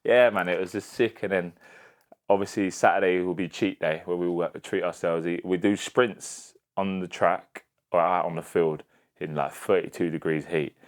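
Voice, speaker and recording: A man's voice: sits low, steady tone, normal speed. A young man, a professional boxer chatting casually as a podcast guest, rambling, slangy and swearing freely. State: emotional, near tears. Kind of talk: casual chat.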